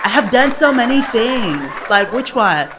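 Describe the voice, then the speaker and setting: A woman's voice: on the high side, big pitch swings, a little slow, very noisy. A young woman hosting a comedy show, telling childhood stories with frequent giggles. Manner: giggles often while telling stories, acts out quotes. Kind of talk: laughing personal storytelling.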